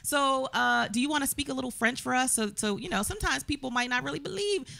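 A woman's voice: sits high, fast talker, creaky, bright, forceful tone, dry recording. Upbeat woman talk show host. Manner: upbeat, playful, laughs easily. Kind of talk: casual interview chat.

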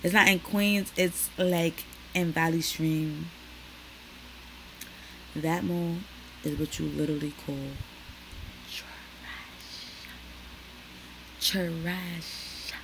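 A young woman, chatting to camera in her small bedroom, slangy and animated as she tells stories. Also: deep voice, takes it slowly, creaky, pauses often, a little hiss or hum, low-quality recording. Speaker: vlogger. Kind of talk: casual chat to camera.

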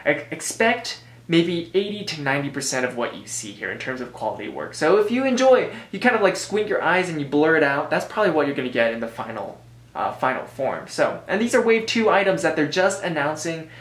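A man's voice: on the high side, very animated, brisk, fairly bright tone. Joking American man in an echoey room. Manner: rambling, joking asides, self-correcting. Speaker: board game reviewer. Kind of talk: casual review commentary. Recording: roomy echo.

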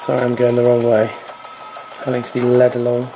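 A man with a croaky, gravelly voice talks through an online co-op game in a relaxed, self-mocking way, often trailing off with ums. His voice sits at a middling pitch, and steady noise runs underneath the recording. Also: fairly quick. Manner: self-deprecating, hesitant with ums. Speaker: game video host. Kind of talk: casual gameplay commentary.

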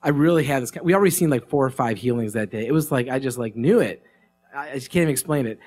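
A man telling a story at a live gathering. He speaks into a microphone in a relaxed, conversational way, with many fillers and restarts. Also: medium pitch, fast talker, breathy edge. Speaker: speaker sharing a testimony. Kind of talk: casual spoken storytelling.

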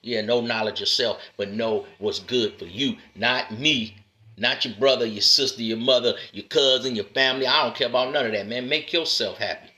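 A man giving a preachy monologue to other men. He talks in a street style, keeps calling the listener "man" and "brother," and moves between loud, punchy lines and low, drawn-out asides. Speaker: motivational speaker addressing men. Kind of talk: preachy direct-to-camera monologue.

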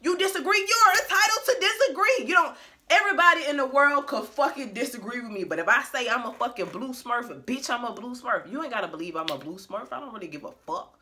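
A woman rants to her camera in a casual, profane way, hammering each point home bluntly. Her voice sits a little high and sounds bright and forceful. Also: animated, fast talker, a little hiss or hum. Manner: profane, blunt and emphatic, laughing between points. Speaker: vlogger.

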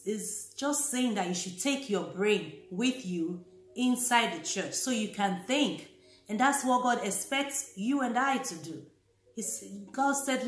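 A woman's voice: mid-range voice, reverberant. A woman talking casually and earnestly to fellow Christians, repeating her key points as she warns them. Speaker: Christian vlogger. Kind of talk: casual talk to camera.

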